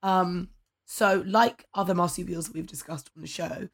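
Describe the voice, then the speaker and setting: A woman with an English accent co-hosts a podcast, chatting casually and loosely with plenty of "like" and "you know what I mean". Her voice is fairly low in pitch at a normal speed.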